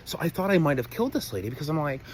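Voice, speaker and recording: A man's voice: a little high, very animated, racing, a little hiss or hum. A young man rambling through a comedic personal story to camera, exaggerated and full of asides. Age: young adult.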